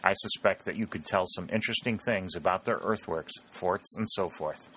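A man's voice: low-pitched, moderate pace, bright, forceful tone, a little hiss or hum, rough recording. A man voicing a shrewd, wheedling army lieutenant. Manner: wheedling, vexed.

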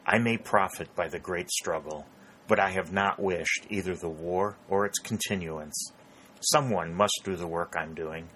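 A man voicing a shrewd, rotund elderly male war contractor who talks in a smooth, self-assured way. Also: low voice, measured pace, pushed and bright, slight background noise, low-quality recording.

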